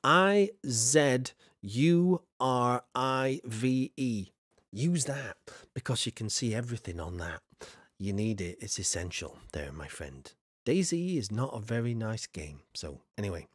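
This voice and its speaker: Lively chatty male streamer. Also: mid-range voice, slow pace, slightly rough, no echo. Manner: rambling, chatty, greets and answers viewers; many fillers and trailing asides. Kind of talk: casual livestream chat while building in a game.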